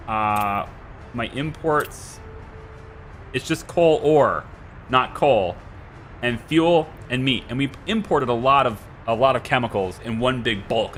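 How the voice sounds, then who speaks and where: A man's voice: medium pitch, bright, forceful tone. A man with a Scottish accent giving live gameplay commentary, musing aloud and chatting to viewers and to the little workers in his game. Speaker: streamer.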